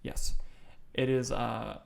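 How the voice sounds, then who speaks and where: A man's voice: medium pitch, steady tone, slow pace, gravelly, darkish tone. A man co-hosting a movie podcast, talking in a loose, enthusiastic way with plenty of swearing and fillers. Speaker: podcast co-host. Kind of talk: casual chat.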